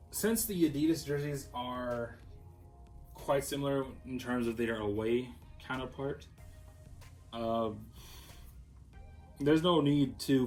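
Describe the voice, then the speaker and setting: A man's voice: mid-range voice, a little mellow, poor audio. Rambling man from Minnesota. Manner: rambling, with many fillers and restarts. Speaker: jersey collector. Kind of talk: casual showcase vlog.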